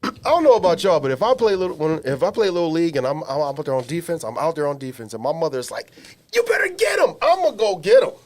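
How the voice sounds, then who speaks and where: An animated man co-hosting a podcast, his voice sitting a bit high and swinging widely in pitch. He tells comedic stories in slangy, emphatic casual chat. He is recorded in a small studio. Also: fast. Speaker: podcast co-host.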